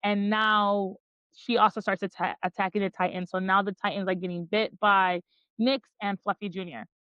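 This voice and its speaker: A woman hosts a book podcast and recaps chapters in loose, excited chat. She keeps dropping "like" as she goes. The recording is dry and a little muffled. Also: medium pitch, moderate pace, clear, resonant tone, no room sound. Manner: enthusiastic, frequent "like" fillers. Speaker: podcast host. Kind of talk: casual book-club chat, summarizing chapters.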